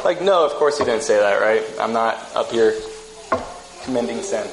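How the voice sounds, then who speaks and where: A man's voice: medium pitch, moderate pace, background noise. Man preaching in an echoey church. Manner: relaxed, storytelling, frequent restarts. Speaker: pastor. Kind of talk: conversational sermon. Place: church sanctuary. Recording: echoey room with faint ambience.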